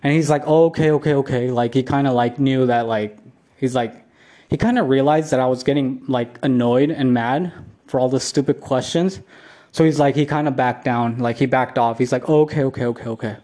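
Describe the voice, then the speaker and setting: A man's voice: medium pitch, steady tone, normal speed, darkish tone. A man telling a rambling vlog story at home, profane and repetitive, full of filler words. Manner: rambling, profane, repeats himself with many "like" fillers. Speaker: vlogger. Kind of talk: casual solo vlog storytelling.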